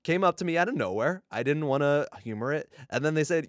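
A man co-hosting a casual podcast, telling animated stories and acting out what people said. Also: fairly high pitch, quick pace, few pauses, no room sound, studio quality. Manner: storytelling, animated, swearing, acting out quotes. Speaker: podcast co-host.

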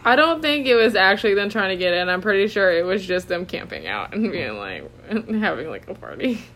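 A woman's voice: medium pitch, very animated, fairly quick, fairly bright tone. A woman co-hosting a podcast in casual chat, laid-back and swearing freely as she reads out headlines. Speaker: podcast co-host.

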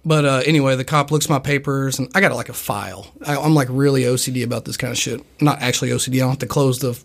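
A man's voice: medium pitch, fast talker, creaky. A young man in casual podcast chat, telling a long, profane, rambling story and acting out other people's lines. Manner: acts out other people's voices in quotes.

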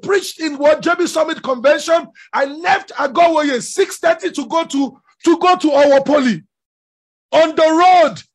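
A man preaching a sermon with passion, often shouting. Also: very high voice. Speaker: pastor.

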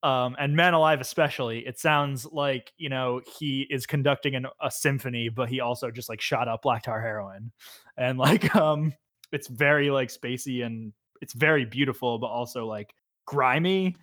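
A man's voice: medium pitch, normal speed, a bit bright. A man co-hosting a casual podcast, rambling through his thoughts and laughing often. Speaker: podcast co-host reviewing albums. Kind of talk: casual chat.

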